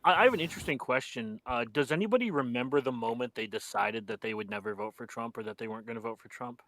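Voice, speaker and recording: Bright-voiced easygoing man in group chat. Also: mid-range voice, fast.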